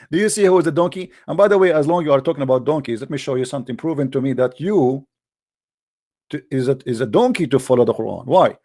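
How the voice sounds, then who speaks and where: A man's voice: medium pitch, expressive, fast talker, a little mellow. A man hosting a heated religious debate in non-native English, combative and mocking, often repeating himself. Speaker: debate show host.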